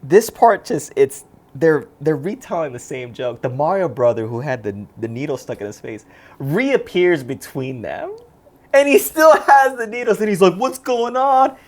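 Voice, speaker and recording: A man's voice: medium pitch, moderate pace. A man co-hosting a podcast, chatting casually and retelling a film scene by scene. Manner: animated scene-by-scene retelling, acts out lines in voices. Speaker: podcast co-host. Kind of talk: casual movie chat.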